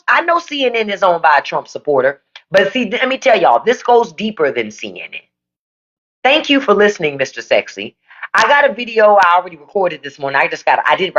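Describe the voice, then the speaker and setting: A woman's voice: medium pitch, fairly bright tone, dull audio. Blunt, profane woman ranting on a live stream. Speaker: livestream podcast host. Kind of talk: unfiltered political rant on a live stream. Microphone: phone or desk mic for a live stream.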